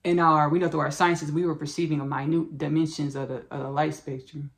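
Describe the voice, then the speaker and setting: Speaking a little fast in a deep, level voice, a woman hosts a spiritual podcast in a loose, gushing, rambling style. She repeats herself and addresses her listeners as "baby" and "y'all."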